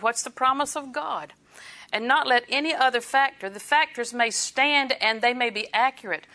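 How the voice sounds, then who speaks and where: A middle-aged woman giving a sermon, her voice bright and forward. She talks to the congregation in a relaxed, conversational way, breaking into small laughs and acting out quick quoted lines. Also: a little high. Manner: conversational preaching with chuckles and quoted asides. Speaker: preacher.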